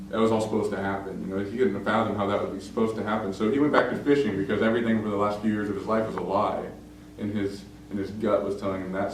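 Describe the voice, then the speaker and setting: A young male pastor tells a story in a relaxed, chatty sermon, full of "like" and "you know". His voice sits at an ordinary pitch and is picked up from afar. It rings in a big, reverberant hall with a faint hiss underneath. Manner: conversational, many fillers, acts out quoted lines. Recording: very echoey room, distant mic, faint noise.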